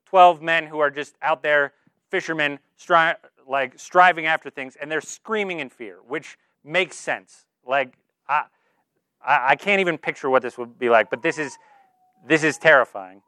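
Male preacher, fairly high smooth voice, chatty and earnest, dry close sound. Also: normal speed, pushed and bright, no echo. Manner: earnest, informal, filler-heavy with "like". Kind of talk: conversational sermon.

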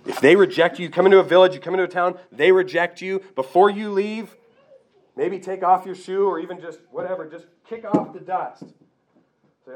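A man's voice: sits high, moderate pace, darkish tone. A man preaching a sermon, earnest and direct, asking his listeners rhetorical questions. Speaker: pastor.

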